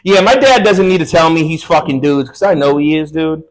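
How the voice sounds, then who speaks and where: A man's voice: fairly high pitch, brisk, low-quality recording. A young man performing a stand-up comedy set on a club stage, telling crude, loose stories with slangy asides.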